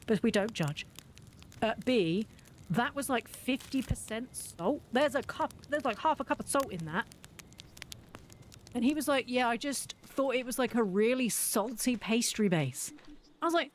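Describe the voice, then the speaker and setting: Woman, 40s, game streamer, laughing and swearing through a story, slightly high voice, faint hiss behind. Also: animated, normal speed. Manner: laughing, swearing anecdote teller.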